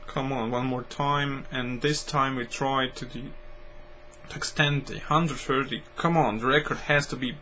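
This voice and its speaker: A man with a Croatian accent, hosting a game channel and commenting as he plays, slow and musing, then bursting into excited exclamations. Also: mid-range voice, slight background noise, poor audio. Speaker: gaming channel host. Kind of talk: playing and commenting a mobile game. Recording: loud game music over the voice. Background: loud game music.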